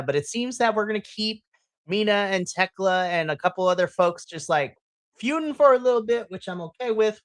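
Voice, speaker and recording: A woman hosting a wrestling podcast in casual chat, animated and gushing, laughing often. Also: on the low side, no echo.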